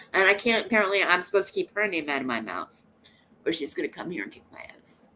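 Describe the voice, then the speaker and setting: A woman's voice: lowish voice, pushed and bright, a little hiss or hum. A woman hosting a casual live stream, sassy and teasing, often breaking into laughter. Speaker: livestream host.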